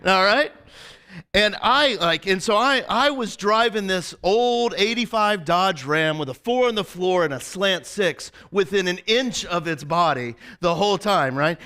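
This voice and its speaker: A male pastor spins a rambling, animated story in his sermon, tossing "right?" to the congregation again and again. His voice sits high and sounds sharp and bright. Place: church service before a congregation.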